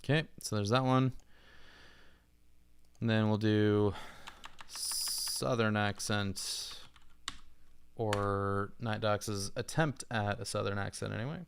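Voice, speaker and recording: A man's voice: fairly low pitch, a little slow, gravelly, a little hiss or hum. A man chatting casually on a livestream, rambling and thinking aloud as he edits audio. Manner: relaxed, rambling, thinking aloud while editing. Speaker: streamer, content creator.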